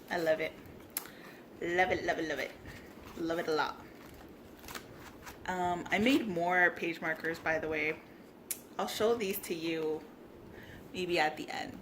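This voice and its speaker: Lowish voiced woman gushing over her crafts, bubbly, slips into whispers, faint room hum. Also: fairly even intonation, a little slow, long pauses. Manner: gushing, bubbly, often breaks into soft whispers. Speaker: craft vlogger. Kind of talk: casual craft tutorial chat.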